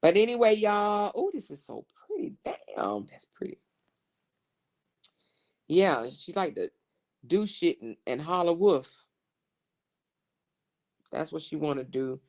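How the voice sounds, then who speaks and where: A woman's voice: lowish voice, takes it slowly, long pauses. A woman hosting a casual gossip livestream, cursing freely and laughing often as she talks. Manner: profane, animated, laughs often. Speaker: livestream host.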